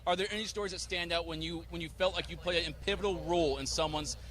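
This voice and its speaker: A man's voice: on the high side, fairly even intonation, fast talker, fairly bright tone. A man interviewing a guest casually, affirming and encouraging him.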